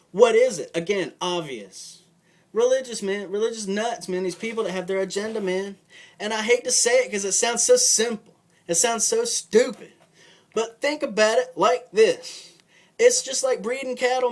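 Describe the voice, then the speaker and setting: A young man giving a casual, profane, rambling rant to camera, full of fillers and rising heat. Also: high voice. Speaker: vlogger. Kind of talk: casual ranting monologue.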